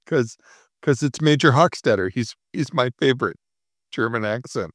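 A man's voice: mid-range voice, lively intonation, normal speed, fairly bright tone, dry recording. A man in his sixties chatting casually as a co-host, telling stories about himself with dry, self-mocking humor. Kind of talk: casual chat.

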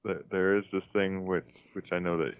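A man with a very deep, gravelly voice speaks haltingly, with dry humor. His audio comes through dull and muffled. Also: little pitch movement. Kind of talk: casual chat.

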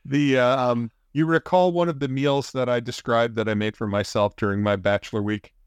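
A man with a mid-range voice trades dry, teasing jabs with his co-host in easy podcast banter. He draws his stories out with a deadpan edge. The sound is close and dry, with no room around it. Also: medium pitch, moderate pace, clear, resonant tone, dry recording. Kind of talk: casual comedic banter.

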